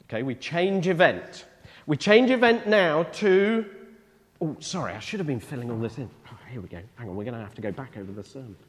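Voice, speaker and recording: A male preacher delivering a sermon in a church, with a lively, rising-and-falling delivery. He talks casually and keeps checking in with his listeners. A long hall reverb trails his words. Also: mid-range voice, fairly quick, slight background noise. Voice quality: conversational, asks the congregation questions.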